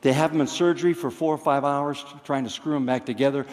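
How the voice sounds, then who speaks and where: A man's voice: medium pitch, steady tone, fast talker, a little mellow. An older man telling a personal story on stage with wry, understated humor. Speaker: storyteller comedian. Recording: long reverb of a theater hall.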